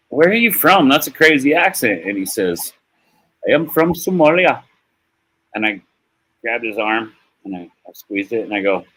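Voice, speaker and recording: A low-pitched American man with a husky, slightly breathy voice talks straight to his stream viewers. He rambles in a heartfelt, salty way, drifting between stories and big feelings, with laughs along the way. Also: a bit bright, rough recording. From United States. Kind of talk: casual rambling monologue.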